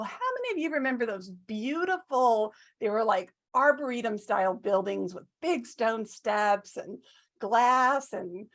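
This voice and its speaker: A club speaker with a fairly high voice delivers a funny story-driven speech. She's animated and pokes fun at herself, frequently tossing questions out to the audience.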